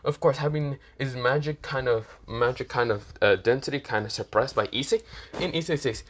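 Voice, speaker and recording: Dude rambling thru a fan story he's making up as he goes, casual, lots of filler, average pitch. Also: normal speed, a bit bright. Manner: rambling, heavy fillers and restarts. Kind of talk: improvised casual fan-fiction retelling.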